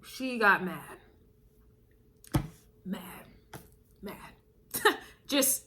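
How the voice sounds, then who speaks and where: Against a noisy background, a woman with a voice on the high side reads tarot at a normal speed. She works in tarot and astrology, and her casual spiritual reading is emphatic and repetitive, with frequent chuckles and the listener called baby.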